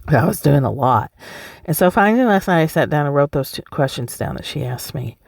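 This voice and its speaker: With a low, darkish voice, brisk delivery, lively intonation, and some vocal fry, this podcast host chats casually on her own show. The studio-quality recording has no room sound, and she's blunt and emphatic, swearing freely and laughing a lot.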